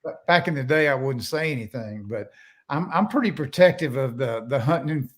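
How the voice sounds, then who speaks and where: A man's voice: mid-range voice, expressive, fairly quick. An older man, a podcast guest telling folksy, rambling stories with many restarts. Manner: folksy, rambling, self-interrupting. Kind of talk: casual storytelling.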